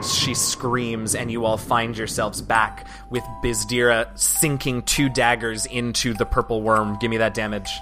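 A man's voice: medium pitch, flat delivery, unhurried, few pauses. Game master, male, mid-range voice, narrates with small restarts over background music. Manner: descriptive, with hesitant restarts.

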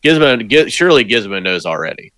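A man's voice: mid-range voice, sing-song, quick pace, a bit bright, no echo. A man co-hosting a podcast, chiming in with short remarks and questions about a film. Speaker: podcast co-host. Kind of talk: casual chat.

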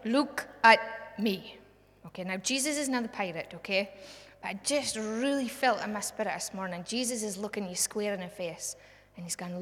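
A woman with a Scottish accent preaching a sermon, fervent, swinging from hushed to loud. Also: medium pitch. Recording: long hall reverb.

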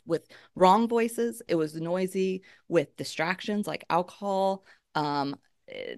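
A woman's voice: fairly low pitch, no room sound, clean studio sound. A middle-aged woman, a podcast guest, earnestly telling her personal faith testimony in conversation. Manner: emotional, earnest storytelling.

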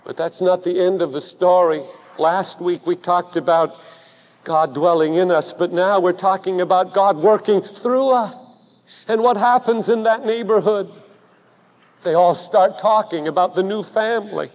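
A man preaching a sermon, telling a story dramatically and building to loud emphatic peaks. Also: high voice, fairly even intonation, unhurried. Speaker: pastor. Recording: dull recording with long hall reverb.

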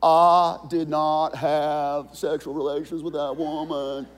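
A man impersonating a politician who slowly and deliberately denies a charge at a press conference. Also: fairly high pitch, level tone, long reverb tail. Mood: insistent.

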